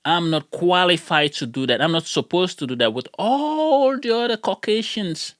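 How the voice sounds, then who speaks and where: A man's voice: high voice, very animated, normal speed, a bit bright, no room sound. Heated rambling man with a dry sound. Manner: heated, rambling, repeats words when worked up. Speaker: gun channel YouTuber. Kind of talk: casual ranting vlog.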